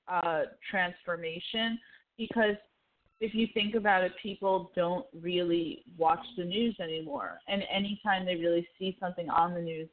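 A woman with a slightly low voice, excitedly retelling scenes from a show in casual chat. She slips into the characters' lines as she goes. The sound is thin and narrow, like a phone line. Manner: animated retelling, acts out quoted lines.

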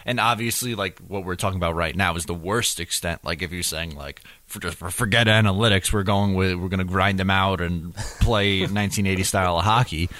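A man hosts a casual sports chat in a lowish voice. He lays things out in a steady, measured way. The mic is close and the sound dry. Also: no echo. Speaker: podcast host.

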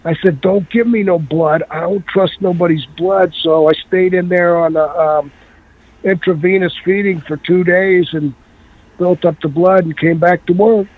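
A man telling a long story in a casual, animated way and acting out the voices of the people in it. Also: high-pitched, moderate pace, no echo. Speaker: guest. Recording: tinny phone-like line.

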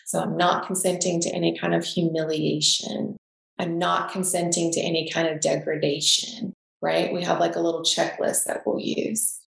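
A woman's voice: on the low side, level tone, normal speed, gravelly, reverberant, rough recording. A woman speaking openly and reflectively as a guest in a podcast conversation.

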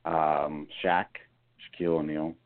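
Soft-spoken deep man on a phone line. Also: little pitch movement, unhurried. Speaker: caller on phone. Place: in a shower.

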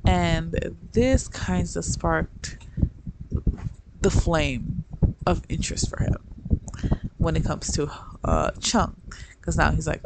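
A young adult speaker giving a casual, rambling review with quick asides and laughter. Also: mid-range voice, animated, gravelly. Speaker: book reviewer. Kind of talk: casual chat. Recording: loud background noise.

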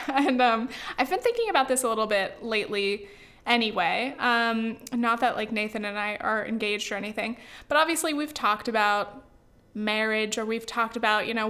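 A woman's voice: fairly high pitch, a bit bright. A young woman from the US West Coast chatting casually on her vlog, rambling and filling her talk with "like" and "you know". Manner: rambling, full of "like" and "you know", with sighs and laughs. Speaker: vlogger.

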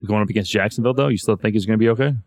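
A man's voice: lowish voice, racing, dry recording, studio quality. A man hosting a podcast in casual chat, loose and profane, saying "man" all the time. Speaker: podcast host.

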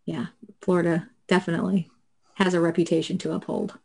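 A woman's voice: lowish voice, flat delivery, brisk, gravelly, a little mellow. Chatty woman podcast co-host. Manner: chatty, laughs easily, self-deprecating. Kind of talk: casual podcast chat.

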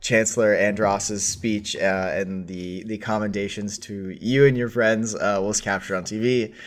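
A man narrating as game master for a tabletop role-play, halting and full of fillers. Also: on the low side, steady tone. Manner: slow, halting, many fillers.

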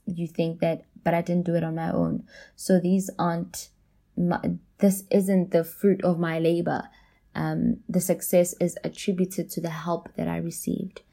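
Gravelly-voiced woman hosting a self-help podcast. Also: fairly low pitch, mellow. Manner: encouraging, repeats phrases for emphasis, laughs often. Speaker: podcast host.

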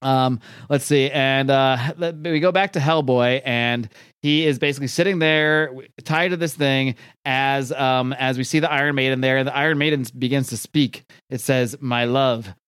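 A young man talks through a comic book in casual, animated style, swearing freely and laughing often. His voice sits mid-pitch, and the recording is dry and close with no room. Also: moderate pace, clean tone, no echo. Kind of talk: casual enthusiastic talk.

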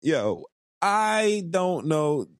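A man co-hosting a podcast, swearing often, laughing a lot and rushing his words in casual chat. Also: on the high side, sing-song, no echo, studio quality. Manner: profane, laughs a lot, fast bursts. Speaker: podcast co-host.

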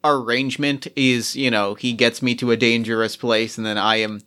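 Bright, clear-voiced man playing a tabletop game. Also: mid-range voice, level tone, moderate pace. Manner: eager, restarts often. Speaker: player.

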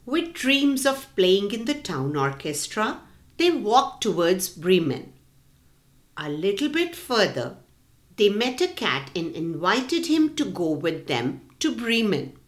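A woman's voice: medium pitch, big pitch swings, slow pace. A woman narrating a children's storybook expressively, speaking to the children directly. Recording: echoey room.

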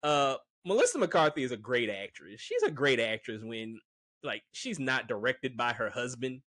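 A man's voice: mid-range voice, sing-song, moderate pace, sharp tone, dry recording, studio quality. A man giving a casual, rambling movie review, frank and full of fillers. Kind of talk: casual opinion monologue.

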